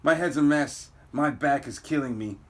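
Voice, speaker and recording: A man reading a comic aloud, voicing a weary, worried teen boy superhero in a low, subdued inner monologue. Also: normal speed, lightly acted. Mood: troubled. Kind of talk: comic book read-aloud.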